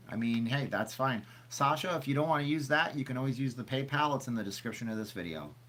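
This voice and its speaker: A man's voice: medium pitch, fairly bright tone. A man hosting a casual livestream, rambling and chatty as he reads questions from the chat aloud, sniffly from seasonal allergies. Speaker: channel host answering live chat.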